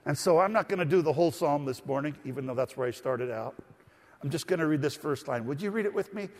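A man's voice: fairly high pitch, expressive, fast talker, a little mellow. A man preaching a sermon as pastor, teaching and asking the congregation to read along. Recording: long hall reverb.

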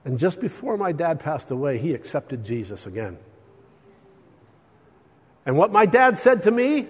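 An older man preaching a sermon, telling stories with lively swings between loud and hushed delivery. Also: on the high side, unhurried, long pauses, breathy edge, in a large hall.

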